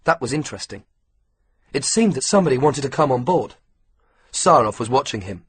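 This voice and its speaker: A man narrating an audiobook in a steady, measured storytelling manner. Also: mid-range voice, a little hiss or hum. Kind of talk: scripted narration.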